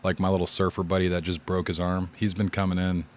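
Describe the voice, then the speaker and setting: A man's voice: low voice, little pitch movement, fast. A man who streams games, giving casual advice in a rambling, laid-back way and often repeating his words. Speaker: gaming streamer.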